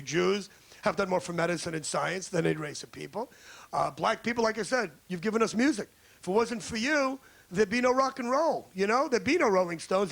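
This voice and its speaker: A man's voice: high-pitched, creaky, a bit bright. A man from the United States doing a crude, brash stand-up routine on a comedy club stage, riffing with the crowd.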